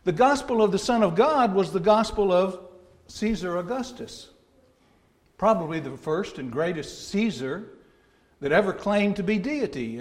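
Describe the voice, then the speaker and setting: A man with an Alabama accent preaching a sermon, teaching in a folksy, conversational way with homey asides. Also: high-pitched. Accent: Southern American, Alabama. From North Alabama.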